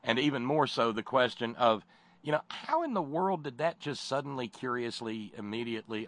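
A man hosting political talk radio, animated and profane, often stammering and restarting. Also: medium pitch, normal speed. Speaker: radio talk show host.

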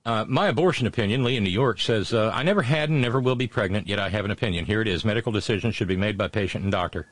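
A male talk show host races through listener messages with few pauses, his voice fairly low and free of room sound. He comments conversationally, leaning on filler sounds and blunt, sardonic jabs.

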